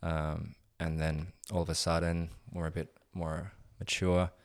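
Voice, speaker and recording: A young man who coaches strength training, chatting casually in an interview, relaxed and rambling with many fillers. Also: low voice, measured pace, no room sound, clean studio sound. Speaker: gym owner and strength coach.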